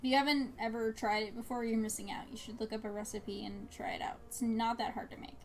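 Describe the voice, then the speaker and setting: Young woman streamer, slightly high voice, rambling casual chat over faint game music. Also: level tone, fast. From New Jersey. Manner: chatty and rambling, frequent fillers and little laughs. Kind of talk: casual chat while gaming.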